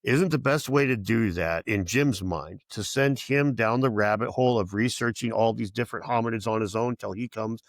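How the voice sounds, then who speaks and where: A man's voice: on the low side, normal speed, few pauses, dry recording. A man speaking as a podcast guest in casual chat, rambling and profane, with many restarts and quoted voices for other people.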